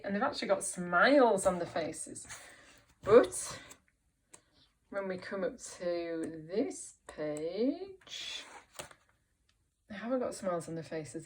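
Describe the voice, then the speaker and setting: A woman teacher reading a picture book aloud to young children, slow and encouraging, asking them questions. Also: medium pitch, distant mic, slight background noise. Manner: slow, encouraging, asks questions and puts on voices for characters. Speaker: primary school teacher.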